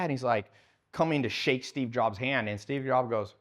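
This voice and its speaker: A man's voice: medium pitch, moderate pace, fairly bright tone. A man giving a live talk to an audience, blunt and heavily profane, putting questions to the crowd and acting out the people in his stories. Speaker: speaker at a business seminar.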